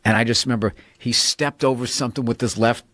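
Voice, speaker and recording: A man's voice: mid-range voice, steady tone, quick pace, a bit bright, no room sound. A man hosting a casual podcast chat, swearing freely and laughing through his stories. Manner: profane, storytelling, laughs a lot. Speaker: podcast host.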